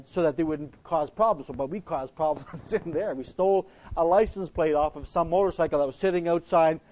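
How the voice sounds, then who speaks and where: A middle-aged pastor with a notably high voice preaches in a homely, meandering way, often stopping and restarting his sentences. The sound is muffled and lo-fi. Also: a little mellow. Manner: folksy, rambling, frequent restarts. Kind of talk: sermon with personal story. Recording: dull lo-fi recording.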